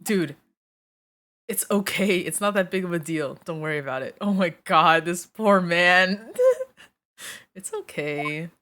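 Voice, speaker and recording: A woman's voice: on the low side, unhurried, long pauses, fairly bright tone. A woman streaming a game, reacting casually with swearing and lots of laughter. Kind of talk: casual game let's play. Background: violin game music.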